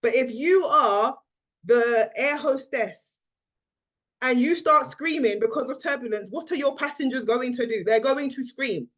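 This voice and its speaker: A woman's voice: high-pitched, a little slow, a bit bright. A woman, a team leader running a training call over video, speaking with energy and acting out the people she quotes.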